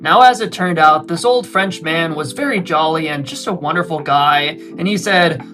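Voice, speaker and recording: A man's voice: on the high side, normal speed, over music. A young man narrating a travel vlog from a script, with self-deprecating, wry humor. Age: young adult. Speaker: travel vlogger.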